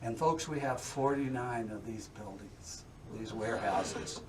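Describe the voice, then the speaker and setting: At a measured pace and a fairly low pitch, a man guides a group through a distillery's warehouse and tasting room. He's homespun and talkative, frequently asking "okay?" and "all right?", captured in a distant, noisy tour recording.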